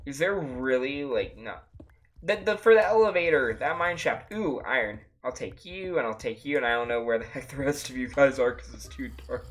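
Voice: medium pitch, fairly bright tone. A livestreamer giving casual gameplay commentary, laughing often and breaking into frequent exclamations. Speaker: livestreamer playing a block-building game. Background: faint music playing.

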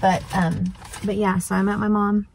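A woman's voice: medium pitch, little pitch movement, moderate pace, a little mellow, rough recording. A woman vlogging outdoors by a lake, chatting and gushing, sometimes dropping to a whisper. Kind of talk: casual chat.

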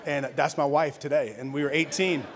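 His voice is a little high with fairly even intonation, and he talks a little fast. He's a pastor in his thirties from Louisiana telling his testimony in a conference sermon, keeping it conversational with laughter and restarts.

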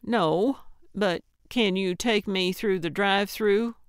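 A woman's voice: mid-range voice, takes it slowly, clear, resonant tone, no echo, clean studio sound, close to an everyday voice. A woman narrator voicing a stubborn, cranky elderly woman with a walker, bossy and wheedling, who hollers when annoyed. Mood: coaxing.

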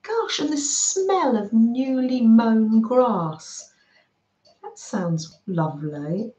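A British woman hosting a live craft stream, warmly welcoming viewers by name and chatting as she works. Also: fairly high pitch, expressive, very slow, echoey room, highs cut off. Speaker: craft livestream host.

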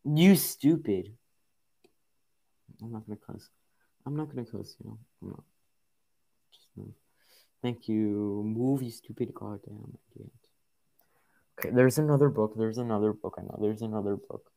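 A man's voice: fairly low pitch, normal speed, gravelly, long pauses. Exasperated young man muttering over a game. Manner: exasperated, muttering, swings into loud outbursts. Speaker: gaming video creator. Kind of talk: frustrated gameplay commentary.

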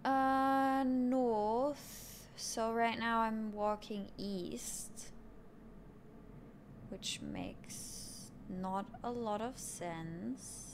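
A high-voiced woman talks unhurriedly through a live game stream, giggling and teasing herself between moves. Her words come slowly, with long pauses, and a faint hiss sits under the recording. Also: steady tone. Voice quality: giggly, playful, self-mocking. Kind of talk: live gameplay commentary.

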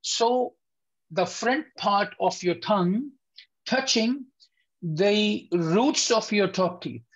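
A Quran recitation teacher gives an online tajweed lesson, patiently and slowly repeating letter sounds and asking whether it's clear to his students. His voice is high-pitched, and the sound is lo-fi.

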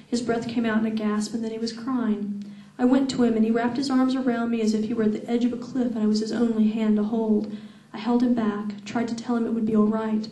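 A woman reading her first-person novel aloud at a live event, in a steady, expressive voice. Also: fairly high pitch. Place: event hall. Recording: echoey room, far from mic.

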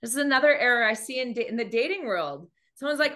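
Woman, dating coach, motivational talk, expressive storyteller who acts out quotes. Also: a little high, fast talker, hardly any pauses.

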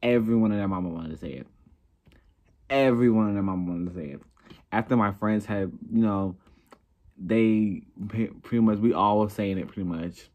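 Deep-voiced young man ranting. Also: dull audio. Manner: profane, blunt, laughing at himself. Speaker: vlogger. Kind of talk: casual ranting commentary.

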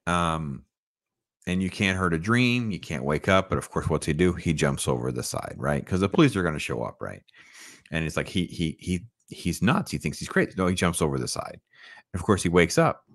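A man's voice: sits low, big pitch swings, normal speed, no room sound, clean studio sound. A male host giving an enthusiastic, casual review of an old cartoon episode, often checking in with the listener. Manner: enthusiastic, keeps checking in with "right?".

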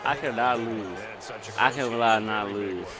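A young man giving loud, excited commentary while playing a football video game, swearing and bursting into shouts. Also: on the low side, unhurried. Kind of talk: excited live gameplay commentary. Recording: loud game crowd noise behind. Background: game stadium crowd.

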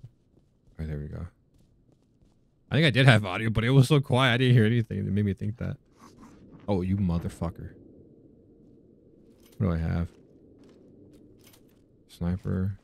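Against slight background noise, a young gaming channel host with a lowish, gravelly voice narrates his horror-game playthrough at a moderate pace, pausing often. The scares jolt him into startled, profane outbursts.

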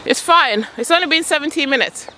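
A woman's voice: high voice, expressive, a little fast, bright, forceful tone, slight background noise. A woman coaching her son at tennis on an outdoor court, calling out shots and chatting casually to her vlog viewers. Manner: calls out shots, chatty and coaxing.

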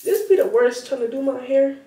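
Teen girl vlogger, high and chatty, casual rambling to camera; roomy, distant phone sound. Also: expressive, normal speed, dark tone. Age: teens. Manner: chatty, rambling, addresses viewers as y'all. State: out of breath at times. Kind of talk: casual vlog talk to camera.

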